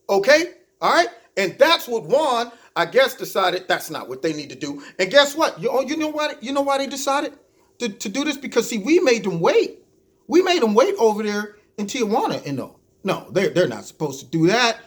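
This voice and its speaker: A man with a high-pitched voice hosts his own show, ranting about politics at a normal speed. He's animated and mocking, addressing his listeners as "y'all."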